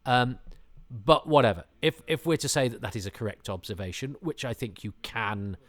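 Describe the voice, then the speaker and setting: A man hosting a podcast, giving rambling, self-deprecating commentary with animated asides. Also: medium pitch, moderate pace. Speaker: podcast host. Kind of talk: casual commentary.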